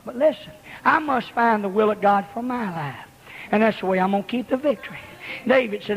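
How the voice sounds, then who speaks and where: Male revival preacher, very high-pitched, shouts chanted repetitions, church with long reverb. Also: brisk. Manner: shouted, rhythmic repeated exhortations. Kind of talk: fiery revival sermon.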